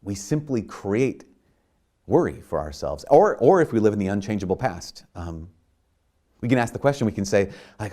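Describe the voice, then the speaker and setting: A man's voice: lowish voice, very animated, moderate pace, warm tone. A man, a priest, giving a sermon in a conversational way, full of restarts and "like", at times rising to emphatic bursts.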